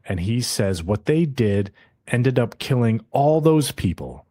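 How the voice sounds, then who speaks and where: A man's voice: mid-range voice, big pitch swings, unhurried, dark tone, no echo, clean studio sound. A man co-hosting a podcast, casually recapping an anime episode and briefly putting on the characters' voices as he retells scenes. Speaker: podcast co-host. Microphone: podcast mic.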